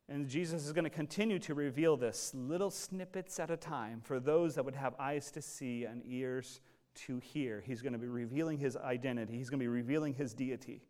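A male pastor delivering a lively, conversational sermon, his voice sitting a bit high for a man. He animates the passage by slipping into quoted voices, rising and falling in pitch and loudness as he builds his points.

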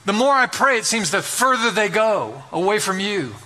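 A man's voice: high voice, sing-song, normal speed, pushed and bright. A middle-aged man preaching a sermon as pastor, telling a story with self-deprecating humor and building to emphatic appeals.

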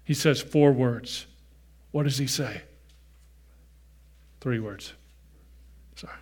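A male pastor preaching a sermon with earnest feeling. He moves from loud emphasis to hushed, near-whispered softness and speaks straight to the children in the room. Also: mid-range voice, slow, slightly rough. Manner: addresses children in the congregation directly.

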